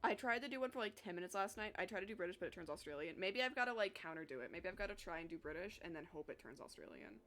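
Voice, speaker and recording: A woman's voice: on the low side, lively intonation, rapid-fire, few pauses, a bit bright. A young woman chatting casually with her live chat while she draws, talkative and self-deprecating, swearing freely. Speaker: streamer drawing live.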